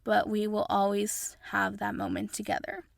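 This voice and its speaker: A woman's voice: mid-range voice, monotone, normal speed, creaky, no room sound, studio quality. A young woman from Mexico whose first language is Spanish, hosting a podcast in a chatty, effusive way. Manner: chatty and effusive, says y'all. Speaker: podcast host. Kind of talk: casual solo podcast chat.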